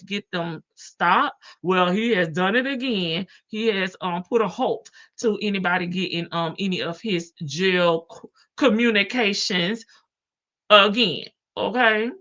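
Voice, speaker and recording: A woman's voice: mid-range voice, pushed and bright, dull audio. A woman hosting a casual livestream, chatty and sassy, laughing often and calling her viewers baby. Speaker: livestream host.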